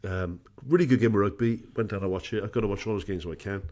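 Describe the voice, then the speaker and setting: A man's voice: on the low side, fast talker, darkish tone. A middle-aged man co-hosting a casual podcast, telling rambling anecdotes full of restarts. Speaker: podcast co-host and amateur referee.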